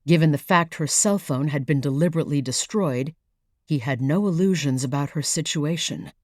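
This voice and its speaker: A woman narrating a thriller audiobook in a measured, even storytelling manner, read close to the mic. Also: deep voice, dry recording. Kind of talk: scripted narration.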